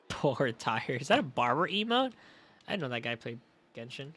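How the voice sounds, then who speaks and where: A young man streaming a game, chatting casually, excitable and profane. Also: medium pitch, moderate pace, slight background noise. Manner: excitable and profane, bursts into loud laughter. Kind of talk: casual live-stream commentary.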